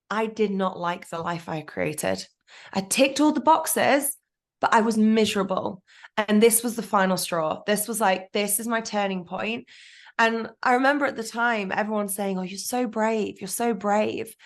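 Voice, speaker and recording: Casting: woman, podcast guest, candid and animated storytelling, mid pitch. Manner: frank, animated storytelling with self-talk asides.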